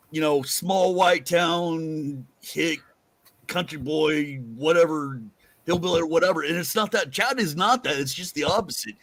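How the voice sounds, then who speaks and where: A man's voice: fairly high pitch, a bit bright, no echo. A man hosting a podcast in casual, rambling chat, swearing freely. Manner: rambling, profane, loose. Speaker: podcast host.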